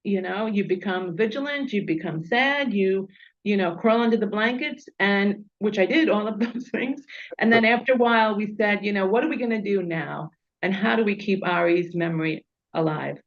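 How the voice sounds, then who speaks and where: A woman's voice: mid-range voice, moderate pace. Middle-aged female guest, heartfelt, dull muffled recording. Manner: earnest, heartfelt. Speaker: nonprofit founder, guest. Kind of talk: radio interview. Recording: dull lo-fi sound.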